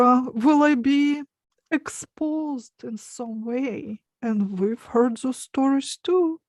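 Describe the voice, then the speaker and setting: Woman, Russian accent, hypnotist, slow deliberate talk, higher voice, friendly, dry close sound. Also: a little mellow, no room sound. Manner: laughs often, earnest and friendly. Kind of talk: casual panel chat.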